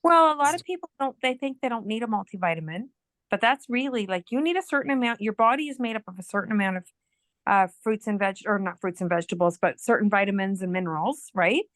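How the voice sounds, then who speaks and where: A woman's voice: medium pitch, lively intonation, fast, fairly bright tone, dry recording. A woman on a casual group call, explaining at length with many fillers and restarts. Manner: rambling, filler-heavy explaining. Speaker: participant on a product call.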